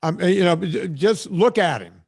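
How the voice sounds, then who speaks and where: A man's voice: sits high, animated, normal speed, gravelly, darkish tone, breathy edge. A man hosting a podcast, ranting bluntly and sarcastically in casual chat. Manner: blunt, sarcastic, emphatic rants. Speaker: podcast host.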